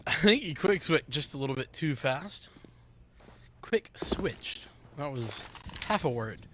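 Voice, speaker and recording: Excitable higher-voiced esports caster. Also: male voice, a little hiss or hum. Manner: quick, excitable call of the action. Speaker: esports commentator. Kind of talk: live play-by-play and colour commentary.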